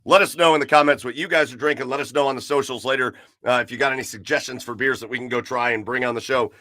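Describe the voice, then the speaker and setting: With many fillers and laughs coming easily, a man hosts a relaxed, casual podcast chat. The clean studio recording has no echo, and his mid-range voice is fast and sharp, with fairly even intonation.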